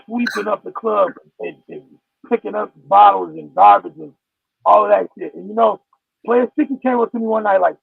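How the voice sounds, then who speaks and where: A man's voice: high voice, steady tone, moderate pace, gravelly, husky, no echo, phone-quality sound. A man talking as a podcast guest in casual chat, blunt and streetwise, acting out the voices of people in his stories. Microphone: no headphones, sounds like phone or distant mic.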